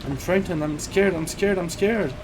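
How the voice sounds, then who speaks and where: A man's voice: sits high, normal speed, a little hiss or hum, rough recording. A man whose first language is French, reading the pleading lines of a terrified young woman trapped in a room in a visual novel. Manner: pleading, repeated cries. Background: game music.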